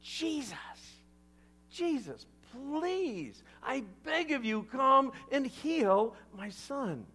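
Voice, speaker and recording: A man's voice: very high voice, sing-song, drawn-out words, bright, forceful tone, pitched above the performer's own voice, heavily acted. A male preacher acting out a desperate father begging for his dying son, with repeated pleas, inside a sermon. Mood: pleading. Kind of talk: sermon storytelling.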